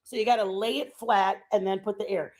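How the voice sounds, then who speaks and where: Chatty american lady in her 50s rambling on a livestream, talks to her viewers, mid pitch. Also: fairly even intonation, brisk, a little mellow. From United States. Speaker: live streamer. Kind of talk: casual chat.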